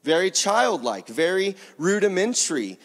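A man preaching a sermon in an animated, conversational way, often laughing as he speaks. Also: high voice, normal speed, in a large hall.

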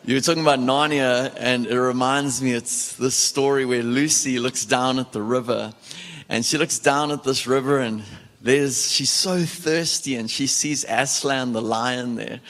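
A man preaching a lively sermon in a church, breaking into loud laughter and shouts as he urges the congregation on. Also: medium pitch, measured pace. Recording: echoey church hall.

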